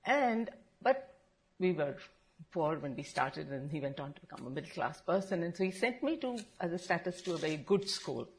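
Low-voiced woman panelist. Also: lively intonation, moderate pace. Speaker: panel speaker. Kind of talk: conference panel talk.

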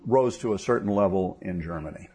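A man's voice: deep voice, brisk, a little mellow. A man interviewing an author, asking long questions with many fillers and restarts.

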